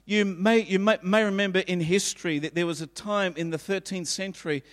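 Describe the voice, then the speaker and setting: A man's voice: high-pitched, steady tone, a little fast, a bit bright, big-room sound. A pastor in his fifties preaching a sermon in a church, emphatic and repetitive.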